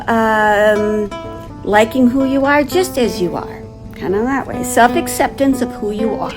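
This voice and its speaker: A woman storyteller with a high, bright voice, speaking slowly and expressively to a class of young children. Soft guitar music plays behind her in the classroom. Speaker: visiting storyteller and art teacher. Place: elementary school classroom.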